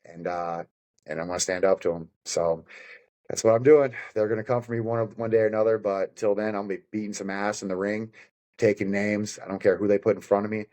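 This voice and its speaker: A fired-up man on a podcast, rambling and cursing his way through his points. His voice sits on the low side. He talks in an easy, conversational way. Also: fairly even intonation, fairly quick, a little mellow. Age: adult with children. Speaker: podcast guest, bare-knuckle fighter.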